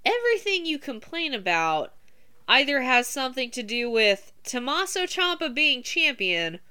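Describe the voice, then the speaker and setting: Lively bright-voiced woman podcaster. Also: high-pitched, moderate pace, clear, resonant tone. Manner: animated, swearing, laughing often. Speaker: podcast co-host. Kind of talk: casual wrestling podcast chat.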